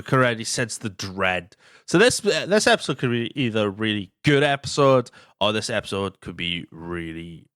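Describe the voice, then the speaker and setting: A man's voice: medium pitch, fairly bright tone, clear, resonant tone, no echo, studio quality. A young man hosting a casual film podcast, rambling, swearing and stumbling over his words. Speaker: podcast host.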